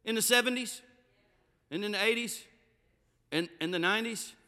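A man preaching a sermon, swinging between loud emphatic bursts and low, dropped phrases. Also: moderate pace. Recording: reverberant hall.

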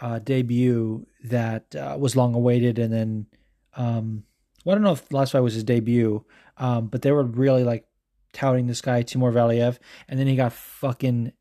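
A man hosting a casual recap show, rambling and swearing a lot, full of fillers and asides, a bit hungover. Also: mid-range voice. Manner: profane, rambling and animated, with many fillers. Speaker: podcast host recapping fights. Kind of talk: casual chat.

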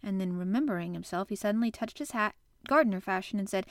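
A woman host narrating a classic novel chapter in an expressive, animated way. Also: medium pitch, fast talker, no echo, studio quality. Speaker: podcast host and reader. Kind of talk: audiobook narration.

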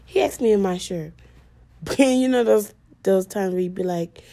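A woman's voice: mid-range voice, moderate pace, mellow. A young woman hosting a podcast, telling a personal story in casual chat full of fillers. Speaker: podcast host.

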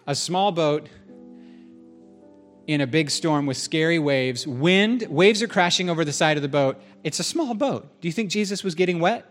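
A man preaching a sermon in a conversational, animated way, joking with the congregation in a church hall. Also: fairly high pitch, normal speed, soft background music. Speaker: pastor.

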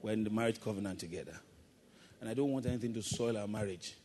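In a large hall, a male pastor with a fairly low, warm voice preaches quickly, calling for amens from the congregation. He uses call-and-response and slips in playful, acted-out asides.

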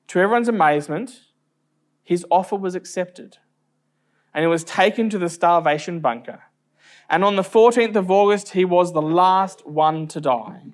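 A man preaching a sermon, telling stories earnestly with slow, emphatic phrasing. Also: high-pitched.

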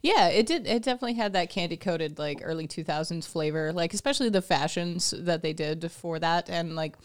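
Brief: female podcast co-host, smooth lower voice, animated casual chat. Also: fairly quick. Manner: chatty, animated, many fillers.

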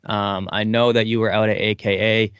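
A man's voice: fairly low pitch, flat delivery, normal speed, a bit bright, clean tone, no room sound. A male host casually interviewing a fighter, laid-back and affirming. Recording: dry, dull lo-fi audio.

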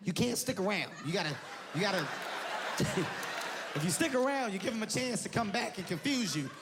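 A man doing stand-up comedy, loud and animated, shouting punchlines. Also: high-pitched, moderate pace. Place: large venue with laughing audience. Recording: live show with loud crowd and noise.

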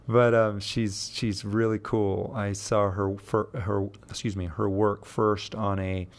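A man in his fifties hosting a poetry show, talking in a casual, rambling way and often correcting himself mid-sentence. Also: fairly low pitch. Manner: rambling, with frequent self-corrections and restarts. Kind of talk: casual solo monologue.

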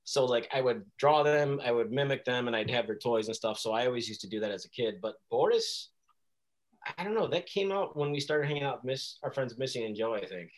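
A man chatting as a guest on a casual podcast, telling stories in an animated way with frequent laughs. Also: mid-range voice, fairly quick, poor audio. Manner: animated storyteller who laughs often and slips into voices.

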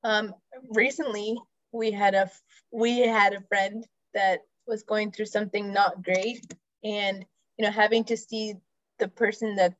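A woman co-hosting a podcast in casual chat, relaxed and blunt, swearing casually. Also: medium pitch, dry recording. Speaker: podcast co-host. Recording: dull lo-fi dry sound.

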